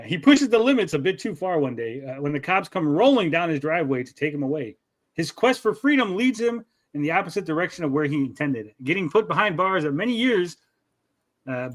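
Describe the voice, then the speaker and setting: Male host, slightly high pitch. Reads pitch copy aloud, keeps cutting in with crude jokes. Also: fairly bright tone. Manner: reads promo text then breaks into crude joking asides. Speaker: livestream show host. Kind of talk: casual livestream chat, reading a crowdfunding pitch aloud.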